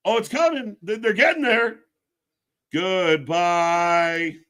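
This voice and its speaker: Hosting a live wrestling watch-along, this man delivers casual, sarcastic, profane commentary, swinging between shouts and low mutters. He takes his time, speaking slowly.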